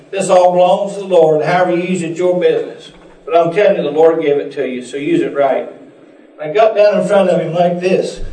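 In an echoey room with the mic far away, a man with a high-pitched, warm voice delivers a sermon. He tells folksy stories and performs the voices of the people in them.

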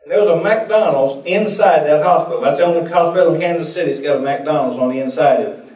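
A man's voice: on the high side, fast, a little mellow. A man preaching a sermon and telling folksy stories, acting out the voices of the people in them. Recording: echoey room, voice picked up from a distance.

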